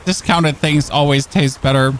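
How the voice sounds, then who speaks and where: A talkative man with a German accent gives loose gameplay commentary on stream. He rambles and jokes, trips over and restarts his phrases, and speaks in a slightly higher register. Faint noise sits behind him. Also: fairly even intonation, normal speed. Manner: chatty, rambling, jokey, repeats and self-corrects.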